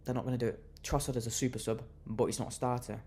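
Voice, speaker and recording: A young man delivers a furious fan reaction rant about his football team. He sounds fuming and keeps repeating himself as he vents, with his voice at a mid pitch. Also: flat delivery, quick pace, darkish tone. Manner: fuming, repetitive, venting.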